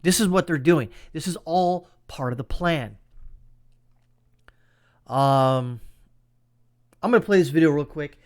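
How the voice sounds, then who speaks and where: A man's voice: on the high side, measured pace, long pauses, darkish tone. A man hosting a political commentary show, talking in an emphatic, sarcastic rant. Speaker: commentary channel host.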